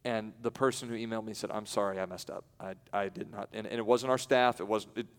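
A male pastor preaching a sermon in a conversational way, breaking off into quiet asides and then rising into loud, emphatic peaks. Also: fairly low pitch, fairly even intonation, fast talker. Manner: conversational, with self-interruptions and light laughs. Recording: long hall reverb.

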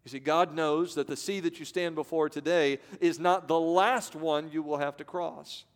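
A man pastor preaching a sermon, swinging from loud to hushed and acting out voices. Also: on the high side, fairly even intonation, normal speed. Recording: long reverb of a large hall.

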